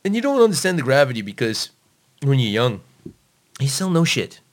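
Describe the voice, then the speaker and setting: A man's voice: mid-range voice, sing-song, brisk. A man telling stories in a casual chat, blunt and emphatic, swearing often. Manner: blunt, heavily profane, emphatic.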